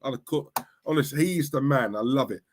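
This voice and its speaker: A man's voice: mid-range voice, a little fast, breathy edge. Chatty man streaming live. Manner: chatty, teasing, talks to the chat. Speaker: livestream host. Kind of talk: casual live-stream chat.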